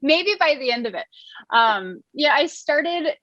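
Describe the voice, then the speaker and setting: A woman's voice: sits high, animated, a little slow, a bit bright, no room sound, dull audio. A woman in her thirties, a wellness coach, chatting in an interview, laughing often and using lots of fillers. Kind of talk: casual interview chat.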